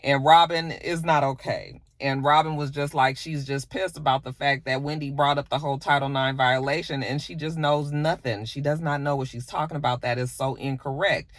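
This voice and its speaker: A man's voice: medium pitch, fairly even intonation, normal speed, hardly any pauses, fairly bright tone, no room sound, clean studio sound. A man giving a casual, sassy spoken recap, acting out quotes as he goes. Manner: chatty, sassy retelling with acted-out quotes. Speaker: reality TV recap host.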